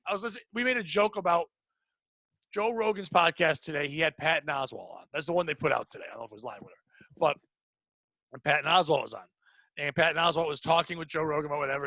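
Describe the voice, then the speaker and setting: A man hosting a podcast, telling rambling, profane comic stories with loud outbursts. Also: fairly high pitch, no room sound. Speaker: podcast host. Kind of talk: casual comedic storytelling.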